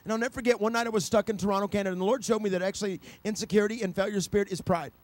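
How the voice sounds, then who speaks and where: A middle-aged male preacher giving a sermon, telling stories with frequent restarts and building to loud, high-pitched preaching. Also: fairly even intonation, racing, no echo. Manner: storytelling, with repeated restarts.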